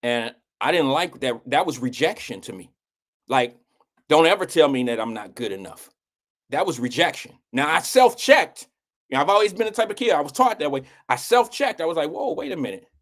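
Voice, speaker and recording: Animated man telling a story. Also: normal speed. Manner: animated, acts out quotes with swings in pitch; blunt, swears casually. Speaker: host. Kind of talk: casual storytelling.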